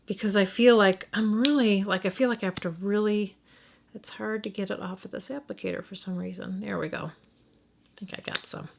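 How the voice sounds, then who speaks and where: A woman's voice: mid-range voice, fairly even intonation, brisk, creaky, slight background noise. Chatty Midwestern woman reviewing makeup. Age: middle-aged. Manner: thinking aloud, hesitant, frequent restarts and self-corrections. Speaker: beauty vlogger.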